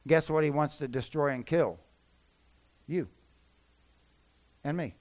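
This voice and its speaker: A man's voice: on the high side, slow, darkish tone. A man preaching a sermon as pastor, emphatic and repeating his key points.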